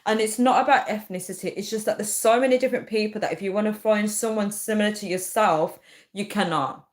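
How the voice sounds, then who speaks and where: A young woman chatting casually to viewers, ranting in an animated way and laughing often. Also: mid-range voice, fairly quick. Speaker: vlogger.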